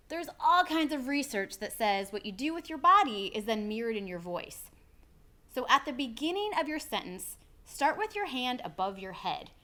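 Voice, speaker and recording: A woman, an executive speaker coach, giving a clear, deliberate lesson on how to speak with confidence. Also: on the high side, fairly bright tone. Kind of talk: instructional video presentation.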